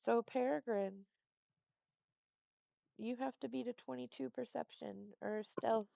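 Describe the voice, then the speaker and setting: A woman's voice: fairly high pitch, steady tone, unhurried, gravelly, dark tone, no room sound. A woman running a tabletop game as dungeon master, patiently explaining the rules step by step. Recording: dull lo-fi dry sound.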